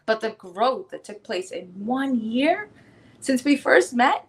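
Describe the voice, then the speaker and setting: A woman with a New York accent, a wellness coach, chatting as a podcast guest in an animated, rambling way with frequent laughs. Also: fairly high pitch, slow pace. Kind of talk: casual interview chat.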